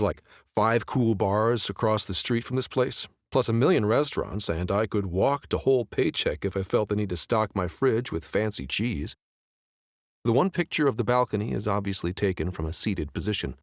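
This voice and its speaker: A man's voice: lowish voice, no room sound. A man narrating a first-person romance audiobook in a casual, wry, conversational way, close to the mic.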